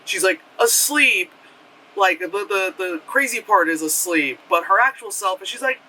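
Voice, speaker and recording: A man's voice: high-pitched, moderate pace, far from the mic, a little hiss or hum, poor audio. A man giving a casual, rambling film review, filled with "like" and casual swearing. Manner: rambling and animated, heavy on "like", swears freely. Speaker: movie reviewer.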